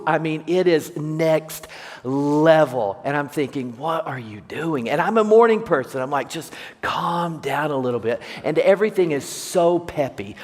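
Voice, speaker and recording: A man preaching a sermon, telling humorous personal stories and asking the congregation questions. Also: fairly high pitch. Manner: jokey storyteller, asks the congregation questions. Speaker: pastor. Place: large church sanctuary. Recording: long church hall reverb.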